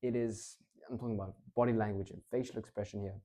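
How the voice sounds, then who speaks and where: In an informal teaching session on public speaking, a man talks in a low register. His pacing moves back and forth from excited to slow, picked up by a lavalier-style clip-on mic.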